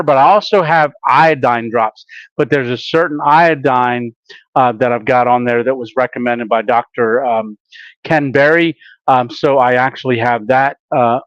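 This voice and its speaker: A man's voice: mid-range voice, dry recording. A man hosting a casual camping live stream, rambling along with lots of filler sounds and restarts. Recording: dull lo-fi dry sound.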